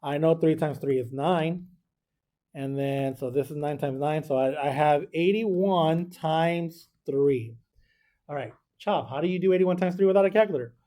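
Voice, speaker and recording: A man's voice: on the high side, normal speed, mellow. A man teaching a math class, talking through arithmetic step by step and checking in with students. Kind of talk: classroom lesson.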